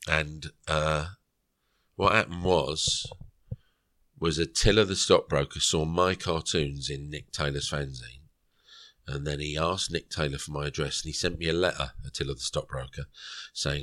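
A man's voice: rumbling low, steady tone, moderate pace, pushed and bright, no echo, studio quality. A middle-aged man, a podcast guest, tells a rambling story and acts out the quoted dialogue. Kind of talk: storytelling interview.

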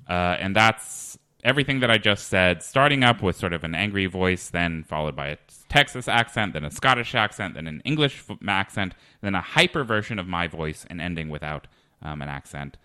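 A man hosting a comedy podcast, interviewing a guest in a halting, awkward way with many restarts. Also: low voice, animated, sharp tone, clean tone, no room sound, studio quality. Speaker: podcast host.

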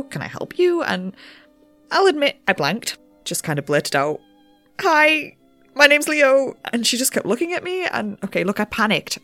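A woman's voice: mid-range voice, lightly acted. A woman playing a nervous young researcher who bends the rules and narrates in a rambling, self-deprecating way. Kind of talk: audio drama narration.

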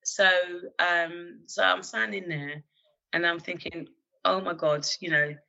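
A woman from London speaks as an interview guest, recounting her police work. She is earnest and halting, with restarts and fillers, and her voice is gravelly yet bright and forceful. The recording is muffled and lo-fi. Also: lowish voice, fairly even intonation. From London, England. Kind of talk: emotional personal storytelling.

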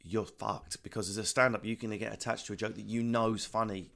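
Fast-talking man with an Essex accent. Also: fairly low pitch, gravelly. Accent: Essex English. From England. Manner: fast, energetic, swearing, acts out voices. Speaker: stand-up comedian guest. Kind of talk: animated casual interview chat. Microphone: remote video call.

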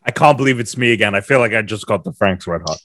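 A man co-hosting a podcast, excitable, swearing and laughing during a drinking game. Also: fairly low pitch, fast, dry recording, clean studio sound. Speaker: podcast co-host. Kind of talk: casual drinking-game chat.

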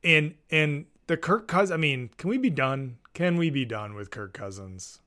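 A man's voice: on the high side, lively intonation, unhurried, sharp tone. A man co-hosting a podcast, bantering and teasing about football. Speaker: podcast co-host. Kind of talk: casual sports chat.

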